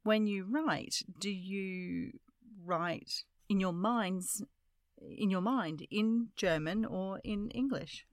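A woman hosting a casual interview, chatty and quick to laugh, with many restarts. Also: mid-range voice, no room sound, studio quality. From Australia. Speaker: podcast host.

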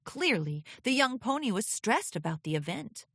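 A woman reading a children's storybook aloud with expressive, lilting narration. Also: fairly high pitch, normal speed, slightly rough, dry recording, studio quality. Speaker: audiobook reader.

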